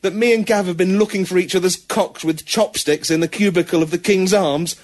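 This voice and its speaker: Wounded male bear lover ranting bitterly, husky voice from a man doing it. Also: high voice, steady tone, a little fast, pitched above the performer's own voice. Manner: wounded, accusing rant.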